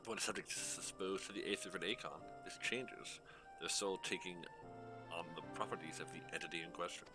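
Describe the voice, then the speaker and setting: A man voicing a small machine that reads a report aloud in a flat, measured way. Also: low-pitched, far from the mic, loud music behind the voice, natural voice. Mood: reciting.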